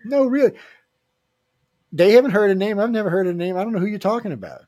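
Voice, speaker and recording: A man's voice: high voice, sing-song, fast talker, mellow, dry recording. A man hosting a casual radio show, joking and rambling with filler restarts. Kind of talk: casual live radio chat.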